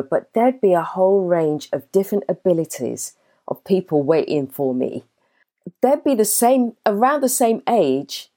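A woman's voice: sits low, dark tone. A woman in her fifties, a fitness instructor, giving an earnest motivational talk full of rhetorical questions.

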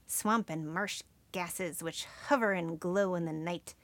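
A woman co-hosting a comedic podcast who delivers wry, deadpan jokes in a playful tone. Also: on the low side, measured pace, no echo. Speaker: podcast co-host. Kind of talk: comedic scripted storytelling.

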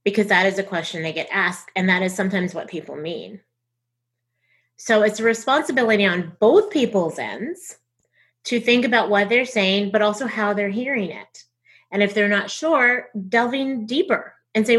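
A woman's voice: mid-range voice, moderate pace, a bit bright, slightly rough. A woman with a Southern American accent, a guest talking earnestly and reflectively in short phrases. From United States. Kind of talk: casual conversation.

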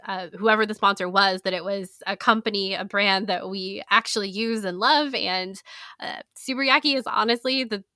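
A woman's voice: medium pitch, normal speed, bright, forceful tone, no echo, studio quality. A woman co-hosting a podcast, talking in an upbeat, chatty way and often laughing. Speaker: podcast co-host. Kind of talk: casual chat.

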